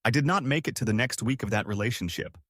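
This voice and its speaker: A man's voice: mid-range voice, quick pace, a bit bright, no room sound, clean studio sound. A man giving scripted narration of reader-submitted stories in a wry storytelling manner.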